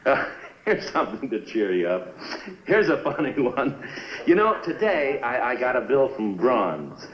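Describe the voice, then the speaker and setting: An actor playing an exasperated, hard-working husband who sputters and explodes in double-takes in a 1950s sitcom. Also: male voice, medium pitch, sing-song, unhurried. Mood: jovial. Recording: roomy, dull 1950s TV soundtrack, audience.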